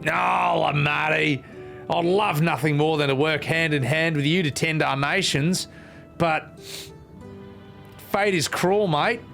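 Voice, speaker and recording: A man's voice: on the high side, slow, vocal fry, fairly bright tone, soft background music, voice pushed up, exaggerated voice. A man putting on a grandiose queen with a bogan Australian accent. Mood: mournful. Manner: mock-solemn, swears mid-speech. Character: gentle young queen turned cold ruler.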